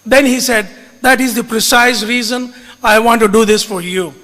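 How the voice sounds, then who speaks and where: Male speaker, high bright voice, earnest storytelling, hall reverb. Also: fairly even intonation. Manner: earnest, deliberate, mixes in Hindi phrases. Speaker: speaker recounting his media engagement. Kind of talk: storytelling talk to an audience.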